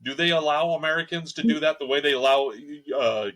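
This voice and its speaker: A man's voice: a little high, brisk, a bit bright, rough recording. A man co-hosting a casual podcast, telling anecdotes and acting out the back-and-forth. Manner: storytelling, acts out quoted exchanges. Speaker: podcast co-host. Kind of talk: casual chat.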